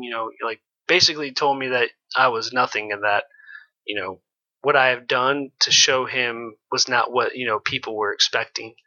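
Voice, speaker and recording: Man telling candid stories, very bright. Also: medium pitch, normal speed, muffled recording. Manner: loose, candid, filler-heavy with "like" and "you know". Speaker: former pro baseball pitcher, guest. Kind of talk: casual storytelling in an interview.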